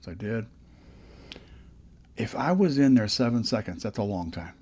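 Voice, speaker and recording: A man's voice: lowish voice, expressive, normal speed, a little mellow, slightly rough. An older man telling stories in a casual vlog, rambling and chatty with lots of restarts, recorded close on a dynamic studio microphone. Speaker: podcast host.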